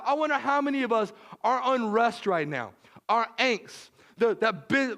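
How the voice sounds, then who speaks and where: A man's voice: high-pitched, a bit bright. A man preaching a sermon as pastor, conversational, with frequent "right?" asides, and he acts out the disciples' worried voices.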